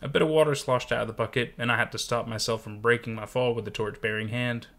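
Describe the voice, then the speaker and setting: A man narrating a scary story in a measured, hushed way. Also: mid-range voice, steady tone. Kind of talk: scripted horror story narration.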